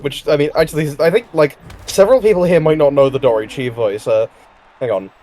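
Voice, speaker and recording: A man's voice: on the high side, fast, mellow. A man chatting during an online tabletop game, often stopping mid-sentence to correct himself, a little sheepish. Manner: hesitant, self-correcting, slightly sheepish. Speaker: player in a tabletop sports game. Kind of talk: casual chat while playing online.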